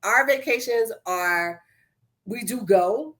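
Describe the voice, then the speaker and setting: A woman's voice: on the high side, slow, fairly bright tone. A woman, a mother, talking earnestly and openly about her guilt over leaving her child. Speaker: mother, co-host. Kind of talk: casual chat.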